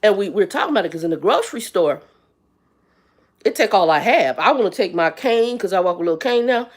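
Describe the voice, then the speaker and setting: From Arizona, a woman in her fifties hosts her channel's live stream, ranting in a medium-pitched, animated voice at a quick pace. She's blunt and exasperated, speaking directly to her viewers.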